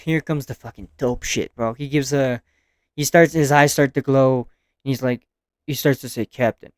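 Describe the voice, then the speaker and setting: Excitable slangy man with a smooth voice. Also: medium pitch, moderate pace, dry recording, clean studio sound. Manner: excitable and slangy, swears casually. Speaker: anime reviewer. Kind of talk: casual video review, recapping episodes.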